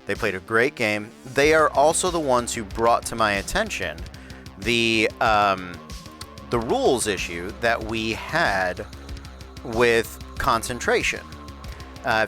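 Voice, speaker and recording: Man, stream host, slow-paced, bright forceful tone, rambling with fillers, faint music behind. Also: on the low side. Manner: relaxed and rambling, with frequent restarts and fillers; says he has his announcer voice on. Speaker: host and game master of a PvP league stream. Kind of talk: livestream talk, reviewing rules.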